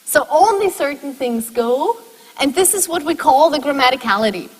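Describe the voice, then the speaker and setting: A woman's voice: high voice, lively intonation, moderate pace, in a large hall, rough recording. A woman lecturing a university class, explaining step by step and putting questions to her students.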